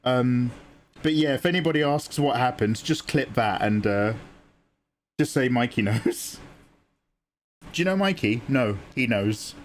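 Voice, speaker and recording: A man's voice: medium pitch, animated, unhurried, pauses often, a little hiss or hum. A young man chatting casually on his art livestream, joking and laughing at his own stories. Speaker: art streamer.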